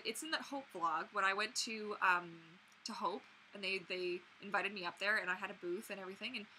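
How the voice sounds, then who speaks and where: A young woman hosting a casual livestream, chatting to viewers in an animated way with many fillers and restarts. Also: mid-range voice, poor audio. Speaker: mermaid performer and livestream host. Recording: faint background noise.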